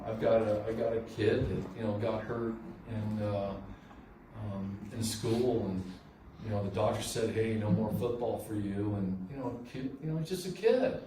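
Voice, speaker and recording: A man's voice: on the low side, warm tone. A man telling his own recovery story at a meeting, candid and conversational, with many fillers and restarts. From southern California. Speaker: AA meeting speaker. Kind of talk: personal recovery share. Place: meeting room. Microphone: room recording from a distance. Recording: echoey room, distant mic, faint noise.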